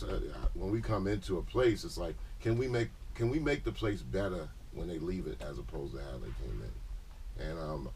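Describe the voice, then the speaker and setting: A man guest on a radio talk show, speaking in an emphatic, punchy way with a deep booming voice. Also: darkish tone, recorded from a distance, a little hiss or hum. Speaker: musician guest. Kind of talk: casual radio interview.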